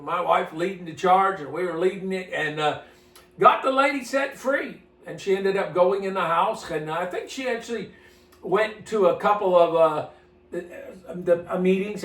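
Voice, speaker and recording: A minister tells a story in a loose, folksy way, circling back and repeating himself. His voice sits high for a man. He sounds a little distant from the mic, in a room that echoes. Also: fairly bright tone. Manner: folksy, rambling, repeats words. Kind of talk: casual storytelling to camera.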